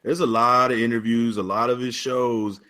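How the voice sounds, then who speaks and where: A man chatting casually as a podcast guest, animated and quick to joke, swearing freely. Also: mid-range voice. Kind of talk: casual chat.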